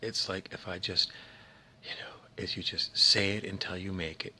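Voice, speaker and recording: A man delivering a theatrical motivational talk with a very low voice. His delivery is forceful and sharp, and he often slides into a whisper for effect. Faint background noise sits under the voice. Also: fairly even intonation, moderate pace. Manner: theatrical, dramatic, swings to whispers.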